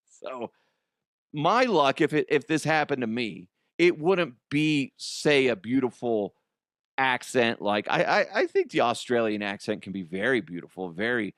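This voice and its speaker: A man's voice: mid-range voice, animated, a little slow, fairly bright tone, dry recording, clean studio sound. A man hosting a comedy podcast, rambling through a crude monologue, giggling and swearing.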